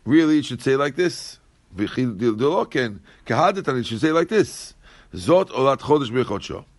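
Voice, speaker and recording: A man's voice: mid-range voice, lively intonation, moderate pace, no room sound. A man teaching a Talmud class who reads Aramaic lines and then explains them in plain English, often repeating his phrases. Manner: repeats phrases while working through the text.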